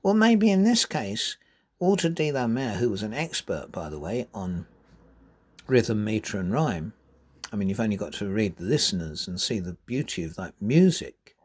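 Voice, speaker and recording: A man giving a spoken lesson on poetry, reading verse aloud and stressing syllables deliberately to show rhythm. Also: on the low side, very animated, a little mellow, breathy edge. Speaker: poetry teacher.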